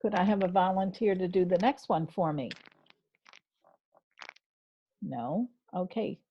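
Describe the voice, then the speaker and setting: Speaking at normal speed in a husky, fairly low and animated voice, a woman teaches spelling online from her home. She's patient and encouraging, talking through each action on her screen, though the video-call audio comes across dull.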